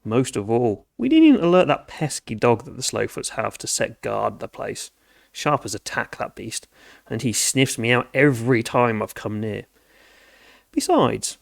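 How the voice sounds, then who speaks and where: A man's voice: mid-range voice, very animated, a little slow, creaky, no echo, studio quality. A man playing a fussy, eager older male hobbit who coaxes his cousins, repeating himself when flustered. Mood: coaxing. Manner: flustered, repeats words, coaxing. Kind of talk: tabletop role-play in character.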